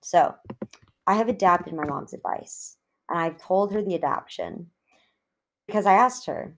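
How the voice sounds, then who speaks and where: A woman's voice: low-pitched, normal speed, vocal fry. Profane, joking young woman podcast host. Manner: blunt and profane, joking asides. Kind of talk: casual advice monologue.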